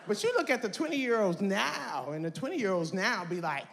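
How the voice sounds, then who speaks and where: A woman, doing stand-up and shouting brashly at the audience. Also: medium pitch, very animated, moderate pace, vocal fry, hardly any pauses. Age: 50s. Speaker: stand-up comedian. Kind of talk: stand-up comedy. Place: large live comedy venue. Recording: echoey hall, roaring live crowd, noisy.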